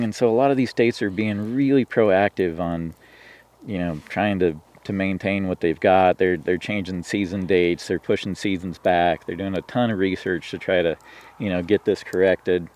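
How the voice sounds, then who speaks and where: A man's voice: deep voice, moderate pace, darkish tone. A man from Washington State, a podcast guest telling a hunting story in casual conversation, rambling with frequent restarts and fillers. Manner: rambling, lots of "you know" and restarts. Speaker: podcast guest, turkey hunter.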